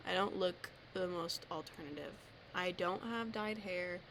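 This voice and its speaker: A woman's voice: mid-range voice, takes it slowly, pauses often, a bit bright, slight background noise. A teenage girl ranting casually to camera, rambling and self-deprecating, with lots of filler words. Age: teens. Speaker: vlogger.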